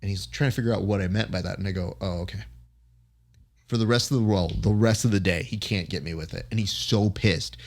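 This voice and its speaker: A man hosting a podcast, telling a story in a relaxed chat and acting out the back-and-forth he describes. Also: lowish voice, fast, gravelly, hardly any pauses. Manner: animated storyteller who acts out quoted exchanges. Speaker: podcast host.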